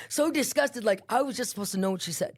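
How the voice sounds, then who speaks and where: A woman's voice: fairly high pitch, fast talker, darkish tone. A woman guest animatedly telling a personal testimony, acting out scenes with voices and sound effects.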